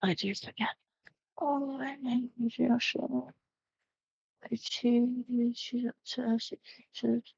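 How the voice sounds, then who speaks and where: A woman plays a tabletop game, talking slowly and hesitantly with lots of ums. Her voice has a gravelly fry. The recording is dry and slightly muffled. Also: on the high side, little pitch movement, a little mellow, slight background noise. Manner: hesitant, many ums and apologies. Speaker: player.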